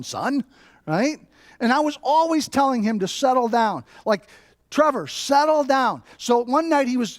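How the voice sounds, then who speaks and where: A man's voice: high voice, dry recording, clean studio sound. A middle-aged man preaching a sermon as pastor, telling stories with rhetorical asides. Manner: storytelling with rhetorical "right?" asides. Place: church.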